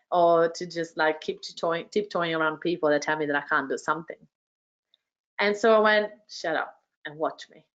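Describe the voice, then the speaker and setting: A woman hosting an online workshop, telling her story with energy and heaping quick praise on participants. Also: on the low side, muffled recording. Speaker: workshop host and business coach. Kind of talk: motivational storytelling to an online audience. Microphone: video call.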